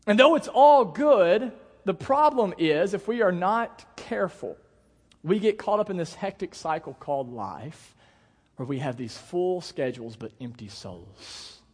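A young man preaching a sermon to his congregation in a conversational, animated way, asking the crowd questions and telling stories. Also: fairly high pitch, unhurried, husky. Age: young adult. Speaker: pastor. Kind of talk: sermon with storytelling. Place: church hall. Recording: long hall reverb.

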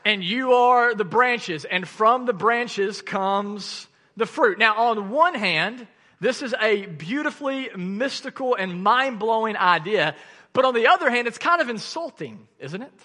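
A male pastor preaching a sermon, telling stories in an animated way with frequent laughs and sudden loud bursts. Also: high-pitched, measured pace, long reverb tail.

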